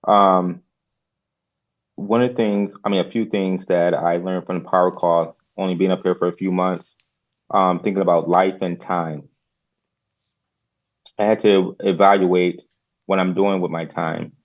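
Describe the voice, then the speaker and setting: Male caller, very deep voice, measured and thoughtful, muffled line. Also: little pitch movement. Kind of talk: reflective testimony.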